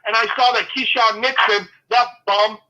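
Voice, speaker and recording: A man's voice: high-pitched, steady tone, normal speed, pushed and bright, muffled recording. A man talking football as a guest, ranting in a fired-up way, swearing and then apologizing. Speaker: guest fan. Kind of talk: casual sports chat.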